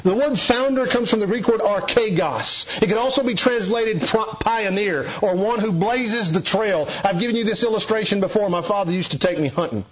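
A male preacher delivers a sermon in a fairly high voice. He is emphatic and moves between low, hushed passages and raised, urgent appeals. The recording sounds muffled and lo-fi. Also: animated, normal speed, few pauses, breathy edge. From Eastern Kentucky. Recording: dull lo-fi sound.

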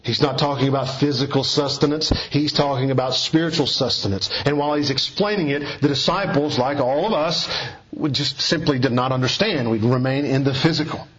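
A man preaching an expository sermon in a measured, earnest teaching manner, often dropping soft for emphasis. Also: medium pitch, lo-fi sound.

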